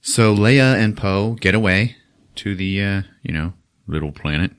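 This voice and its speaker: A man hosting a podcast, retelling a film in a casual, profane and animated way. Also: sits low, unhurried, clean tone. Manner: animated, swears often, acts out quotes in silly voices. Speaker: podcast host recapping a film. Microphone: podcast mic.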